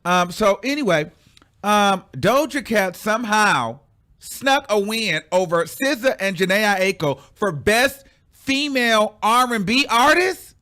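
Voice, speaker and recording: A man hosting a casual pop-culture commentary show, talking in an animated, sassy way, stretching out words for effect and laughing often. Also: high-pitched, unhurried.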